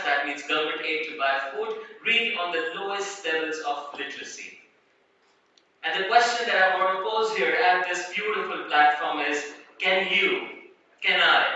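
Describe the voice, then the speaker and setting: Brief: man, earnest stage speaker, bright voice, very echoey hall, picked up from a distance. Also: high voice, a little hiss or hum. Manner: earnest, rhetorical questions. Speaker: conference speaker. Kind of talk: inspirational public talk. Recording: echoey hall from far off, dull.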